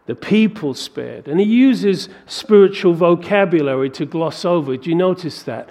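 Gravelly-voiced man preaching a sermon. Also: sits high, moderate pace. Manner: animated preaching with rhetorical questions. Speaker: pastor.

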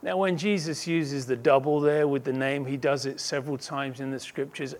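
A man's voice: mid-range voice, fairly even intonation, moderate pace, hardly any pauses. A man preaching a sermon as a pastor, earnest and emphatic, building intensity through repeated phrases.

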